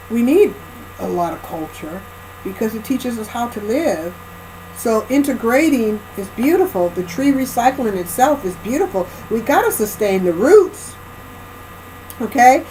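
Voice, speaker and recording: A woman's voice: mid-range voice, warm tone, a little hiss or hum, rough recording. Emphatic woman giving a rambling spiritual lecture. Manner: emphatic, repeats phrases and restarts often, checks in with "right?" and "okay?". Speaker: spiritual speaker.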